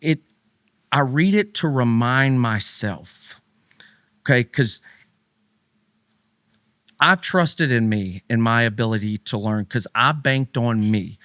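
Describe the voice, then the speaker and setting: A middle-aged man co-hosting a faith podcast in casual talk, swinging between loud, high emphatic bursts and low, quiet asides. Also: slow pace, pauses often, no echo, studio quality. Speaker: podcast co-host.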